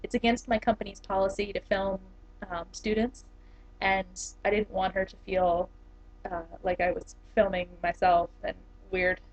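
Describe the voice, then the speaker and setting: A woman's voice: medium pitch, level tone, moderate pace. A young woman in her twenties, an English teacher, chatting casually to the camera with lots of fillers and laughs. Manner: chatty, giggly, many fillers. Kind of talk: casual vlog talk. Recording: dull lo-fi camera audio.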